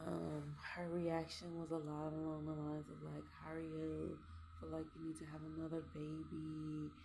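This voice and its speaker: A woman talking frankly and reflectively to camera about her life, pausing with fillers as she works through her thoughts. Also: sits low, gravelly, dark tone, a little hiss or hum. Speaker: vlogger. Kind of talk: candid personal monologue.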